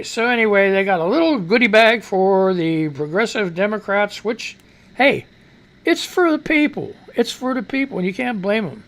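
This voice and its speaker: Gravelly, animated male radio ranter. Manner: voice climbs high when excited, profane; reads news items aloud with asides. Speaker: talk radio host. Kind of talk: ranting news commentary.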